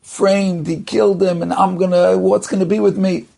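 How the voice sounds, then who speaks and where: A man's voice: high-pitched, little pitch movement, moderate pace, gravelly, mellow, voice pushed up, full character voice. A man playing a panicked, pleading merchant. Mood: desperate. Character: frightened young male grain merchant, desperate.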